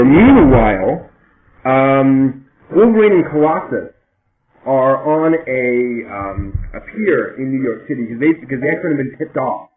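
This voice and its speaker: A man's voice: mid-range voice, echoey room. Guy gm over voice chat, stops and restarts a lot, sounds like a phone line. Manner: halting, many ums and restarts. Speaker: game master. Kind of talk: explaining rules and narrating a tabletop game. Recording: tinny voice-chat line, faint hiss.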